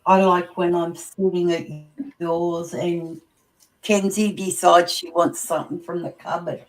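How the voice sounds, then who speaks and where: A woman's voice: on the low side, level tone, unhurried, rough recording. A woman chatting casually as a friend of the host.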